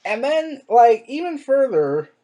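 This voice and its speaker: A reviewer in a casual monologue, rambling with fillers and restarts and firing off exasperated rhetorical questions, their pitch jumping up on emphasis. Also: very animated, takes it slowly, dark tone. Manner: pitch swings up sharply on emphasis. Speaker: show reviewer.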